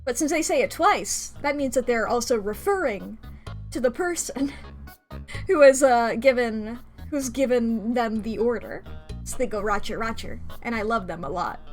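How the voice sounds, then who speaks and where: A woman's voice: on the high side, expressive, moderate pace, soft background music. A young woman streaming a video game, rambling casually and laughing often. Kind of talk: casual gameplay chat.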